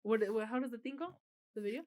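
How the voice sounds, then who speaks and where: A woman's voice: on the high side, fairly even intonation, quick pace, dark tone. A woman in her thirties co-hosting a podcast, chatting casually, laughing often and swearing freely. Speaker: podcast co-host. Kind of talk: casual chat.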